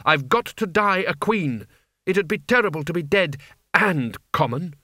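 A woman's voice: low voice, expressive, normal speed, sharp tone, no echo, clean studio sound, full character voice. A man voicing a proud young princess who speaks coldly and imperiously. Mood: icy. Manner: icy, imperious.

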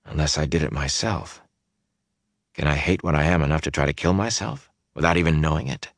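A man voicing a wounded young hero, speaking quietly and wearily in an audiobook. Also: extremely low pitch, fairly quick, dry recording, clean studio sound. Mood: anguished. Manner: quiet, tired, subdued.

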